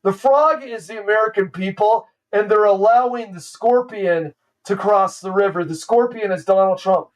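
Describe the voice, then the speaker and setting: A man's voice: sits high, moderate pace, distant mic, poor audio. A male streamer ranting in a sarcastic, exasperated, mocking way. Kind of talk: ranting commentary.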